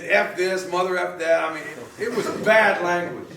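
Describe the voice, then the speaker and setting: A man preaching a sermon in a relaxed, storytelling way, laughing often and restarting his sentences. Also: high-pitched, moderate pace, vocal fry, reverberant, recorded from a distance. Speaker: pastor.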